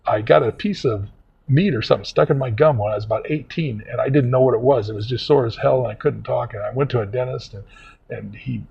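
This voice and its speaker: Gravelly, husky older man rambling. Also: medium pitch, a little mellow, dull audio. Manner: meandering, halting with many fillers. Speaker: vlog host. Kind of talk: casual rambling storytelling.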